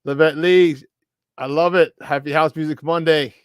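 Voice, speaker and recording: Fired-up male sports radio host, high voice, close dry studio sound, greets listeners by name. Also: fairly even intonation, normal speed, clean tone, dry recording. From Chicago area. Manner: hyped, shouting out listeners by name. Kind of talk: morning sports talk show.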